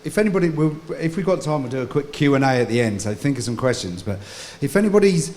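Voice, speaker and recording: A man hosting a live podcast interview, asking questions and answering his guest with quick remarks. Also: on the high side, expressive, darkish tone. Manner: friendly interviewer, quick back-channel replies. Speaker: podcast host. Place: live venue before an audience.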